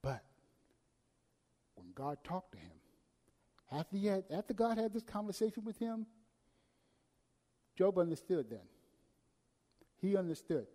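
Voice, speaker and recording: High-voiced preacher in a reverberant hall. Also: male voice, big pitch swings, a little slow, long pauses. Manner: dramatic swings between loud and hushed delivery. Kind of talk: sermon.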